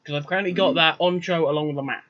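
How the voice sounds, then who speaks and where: A man's voice: fairly high pitch, fairly even intonation, racing. Male game master, matter-of-fact, over muffled lo-fi voice chat. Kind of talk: running a tabletop game. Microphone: online voice chat.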